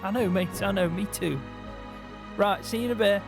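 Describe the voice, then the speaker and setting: Man, high voice, friendly, game roleplay chat. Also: moderate pace, gravelly, over music. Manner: friendly, chatty, cheering. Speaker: roleplay player. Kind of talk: casual in-character roleplay chat.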